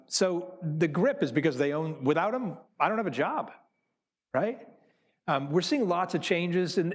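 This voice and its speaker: A man, a theater producer, giving a conversational talk to business students and acting out quotes as he tells anecdotes. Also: fairly high pitch. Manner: animated storyteller who acts out quotes. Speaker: Broadway producer.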